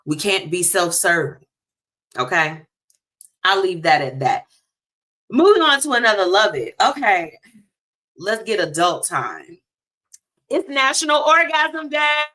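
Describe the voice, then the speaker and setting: A woman hosting a radio talk show, chatting in a lively, casual way and speaking straight to her listeners. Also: lowish voice, unhurried, long pauses. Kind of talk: casual chat segment.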